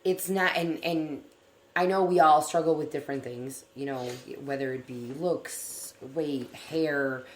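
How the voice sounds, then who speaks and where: A woman's voice: deep voice, a little slow, reverberant, slight background noise. A woman co-hosting a talk show, talking earnestly and at length about something personal. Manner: earnest, rambling, animated.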